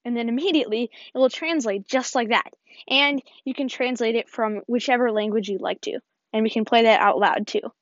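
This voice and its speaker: Tutorial host: woman with a higher voice, upbeat step-by-step walkthrough, dry lo-fi recording. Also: a little fast, no echo. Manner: step-by-step, upbeat, often says "perfect". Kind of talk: screen-recording app tutorial voice-over. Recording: dull, dry lo-fi voice-over.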